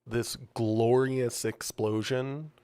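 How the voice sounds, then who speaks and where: A man's voice: mid-range voice, steady tone, very slow, mellow, smooth, no echo. A man co-hosting a podcast, telling rambling anecdotes in casual chat. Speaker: podcast co-host.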